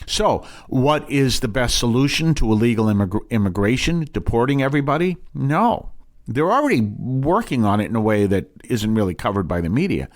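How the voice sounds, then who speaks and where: A man, a priest hosting a broadcast, teaching in a rambling, emphatic way with many restarts and asides. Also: lowish voice. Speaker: priest and show host.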